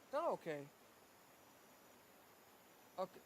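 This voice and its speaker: A man's voice: takes it slowly, slight background noise. A man streaming casually while practicing a language app, sounding out words again and again and getting easily frustrated with himself. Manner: sounds out foreign words over and over, talking to himself; easily frustrated, self-deprecating.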